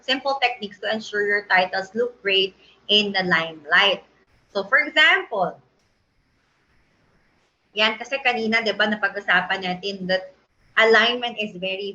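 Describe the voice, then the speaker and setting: Chatty and forever asking whether her audience agrees, a Filipino-accented woman walks through a screen-share design lesson. She has a bright, forceful, mid-range voice, captured with lo-fi sound.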